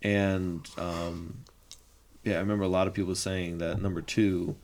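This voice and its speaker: A man hosting a casual podcast chat, relaxed and rambling, often laughing. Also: sits low, moderate pace. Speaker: podcast host.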